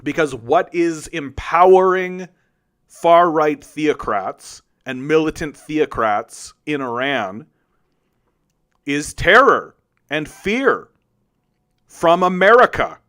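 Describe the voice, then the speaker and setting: A man's voice: on the high side, animated, takes it slowly, pushed and bright. A man hosting a solo political commentary show, arguing with chat in a combative, sarcastic and profane way. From Canada.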